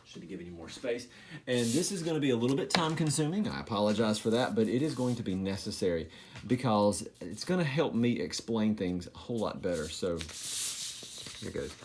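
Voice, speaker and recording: A man's voice: on the low side, animated, a little fast, background noise. A man teaching a recorded math lesson, making joking, self-deprecating asides while he writes.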